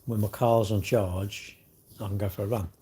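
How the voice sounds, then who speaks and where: A man's voice: fairly low pitch, steady tone, moderate pace, warm tone, slightly rough. A middle-aged man hosting a casual livestream, chatting bluntly and jokingly with viewers as he reads their comments. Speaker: livestream host.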